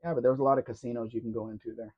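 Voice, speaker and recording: A man's voice: medium pitch, steady tone, racing, slightly rough. A man co-hosting a casual live question-and-answer stream, musing offhand about old cars. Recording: dull lo-fi stream audio.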